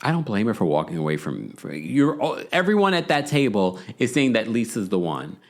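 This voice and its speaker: A man hosting a reality TV recap podcast, telling the story in an animated, gossipy way and checking in with "okay?" asides. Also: on the low side, moderate pace. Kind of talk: casual chatty recap.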